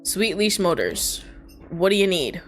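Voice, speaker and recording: A woman voicing a gruff, bossy male garage owner who barks at people loudly and impatiently. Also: on the low side, big pitch swings, measured pace, soft background music. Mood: curt. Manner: loud, barking, impatient.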